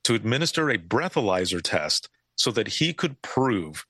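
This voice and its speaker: A man from Michigan, a former emergency dispatcher, telling an anecdote in a relaxed interview. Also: lowish voice, normal speed, slight background noise.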